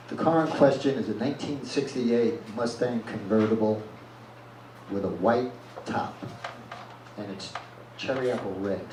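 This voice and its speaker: A man's voice: on the low side, measured pace, long pauses, a little mellow. A man reading a first-person story aloud at a live reading event, blunt and plain-spoken. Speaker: reader at a live reading series. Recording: echoey room from far off, with noise.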